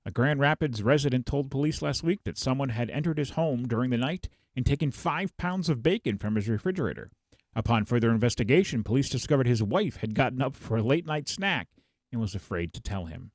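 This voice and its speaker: A male podcast host reading out police blotter headlines in a casual, animated way, laughing as he goes. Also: medium pitch, fairly quick, no echo, studio quality.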